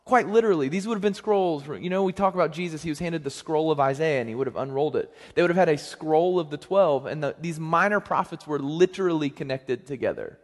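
Young man, pastor, casual joking sermon, pitch and volume swing up and down, long hall echo. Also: fast talker, hardly any pauses.

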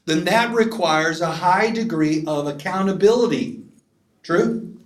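A man with a fairly high voice gives an emphatic church conference talk. He keeps checking in with the crowd. The sound is roomy and echoey, as in a hall. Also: unhurried. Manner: emphatic, asks the crowd for assent. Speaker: pastor.

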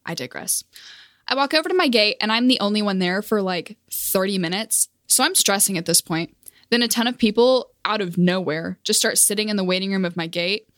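A woman's voice: medium pitch, a little fast, fairly bright tone, no room sound, studio quality. A young woman telling a casual storytime monologue as a vlogger, self-deprecating and awkward, laughing at herself.

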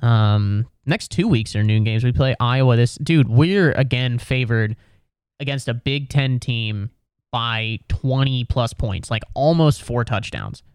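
A man's voice: a little slow, smooth, no room sound, clean studio sound. A young man hosting a podcast, chatting casually in a rambling, profane, exasperated way, sometimes jumping up into mocking voices. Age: young adult. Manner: swings up into mocking high voices when mimicking others. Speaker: podcast host. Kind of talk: casual sports talk.

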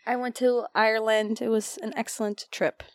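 A woman's voice: a little high, flat delivery, normal speed, dry recording. A woman from Indiana co-hosting a podcast, telling rambling stories with restarts and some cursing. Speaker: podcast co-host. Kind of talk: casual chat.

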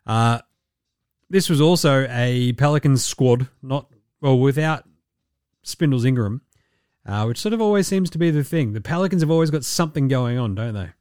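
A man's voice: medium pitch, lively intonation, normal speed, a little mellow, dry recording. Male podcast host, casual sports chat, irreverent and sweary, mid-range voice, dry close mic. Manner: loose, sweary and joking.

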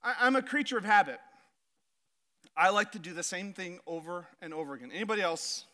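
A male pastor preaching a sermon, telling stories with animation and slowing down to stress his points. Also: high voice. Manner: storytelling, animated, builds to emphatic slow points. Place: church stage.

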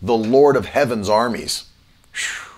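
A man preaching an online sermon, emphatic, slowing down to repeat key phrases and spelling out words letter by letter. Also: fairly low pitch.

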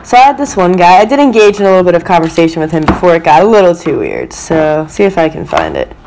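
A woman's voice: fairly low pitch, very animated, fast talker, a little mellow, slight background noise. A young woman co-hosting a casual podcast, retelling dating-app messages with a laugh. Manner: chatty storyteller who laughs at her own anecdotes. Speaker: podcast co-host.

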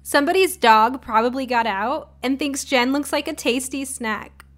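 A woman's voice: sits high, moderate pace, a bit bright, pitched above the performer's own voice. A woman reading aloud and voicing a teenage girl who teases her friends in a dry, joking way. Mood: teasing. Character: teasing teen girl, wry joker.

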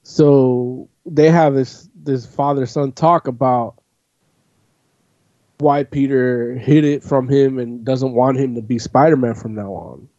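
A man with a dark, mellow tone rambles through a casual chat, swearing and packing his talk with "like". The sound is dry and close, on a dull, lo-fi recording. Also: mid-range voice, fairly even intonation, slow, no room sound. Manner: rambling, profane, full of "like". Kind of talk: casual chat, recapping a comic. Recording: dull lo-fi audio.

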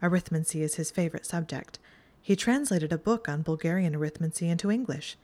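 A woman's voice: on the low side, brisk, a little mellow, natural voice. A woman voicing a clever, bookish young witch in a fan fiction reading, prim and matter-of-fact. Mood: brisk, prim.

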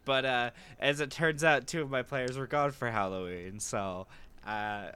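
A man's voice: medium pitch, a little slow, sharp tone, smooth. A man who is game master of a tabletop game, rambling casually with plenty of fillers and laughter.

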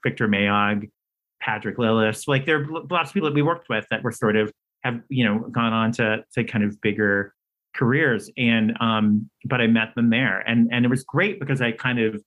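A man's voice: moderate pace, highs cut off. A man, a playwright and screenwriter, telling stories casually as an interview guest, talking freely with many restarts. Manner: animated storyteller, acts out quoted dialogue with big pitch jumps; talkative, many fillers and restarts.

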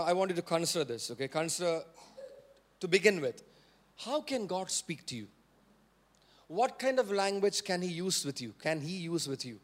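High-voiced man preaching a sermon. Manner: repeats key phrases for emphasis; questions and prompts the congregation. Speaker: pastor.

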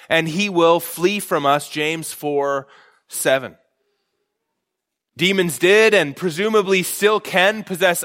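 A male pastor preaching an earnest expository sermon, slowing down to stress key phrases. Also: high-pitched, bright, forceful tone.

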